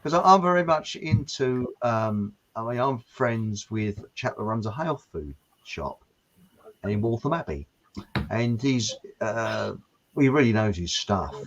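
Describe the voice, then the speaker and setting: A man's voice: medium pitch, animated, a little slow, highs cut off. A man with a Home Counties English accent hosting a casual chat show, rambling and hesitant with many fillers and restarts. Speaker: host.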